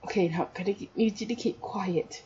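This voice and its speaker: A woman's voice: medium pitch, a little slow, dark tone, slight background noise, lightly acted. A woman voicing a cheerful young male hero student who talks in an easygoing, hesitant way with many fillers. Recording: dull lo-fi audio.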